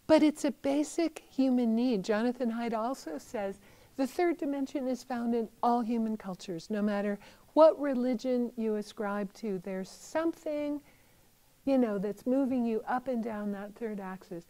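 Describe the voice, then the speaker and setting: Middle-aged woman, Buddhist teacher; mellow, fairly high voice; gentle reflective talk. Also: normal speed, rough recording. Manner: gentle, thoughtful, conversational with fillers.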